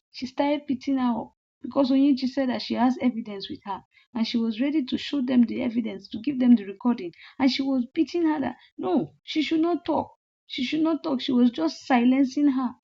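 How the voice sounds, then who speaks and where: A woman's voice: high-pitched, brisk, vocal fry, breathy edge. A woman casually retelling a movie plot step by step, with lots of "then she was like". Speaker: movie recap storyteller. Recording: slightly muffled lo-fi audio.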